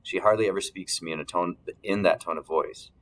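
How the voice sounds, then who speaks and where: A man reading a first-person novel aloud as narrator, steady, clearing his throat now and then. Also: deep voice, a little fast, a little hiss or hum, rough recording. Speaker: audiobook narrator.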